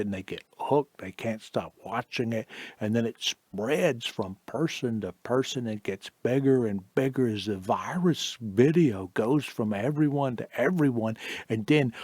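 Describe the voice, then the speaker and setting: A man hosting a comedy show, rambling haltingly with fillers and chuckles. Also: lowish voice, a little mellow, dry recording. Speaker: host. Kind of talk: comedy monologue.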